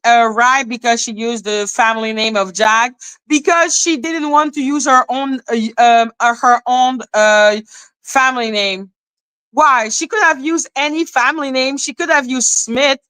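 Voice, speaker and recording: High-voiced woman ranting on a live stream, slow and blunt, dry close mic. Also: a bit bright, clean tone, dry recording, rough recording. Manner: blunt, exasperated, repeats herself.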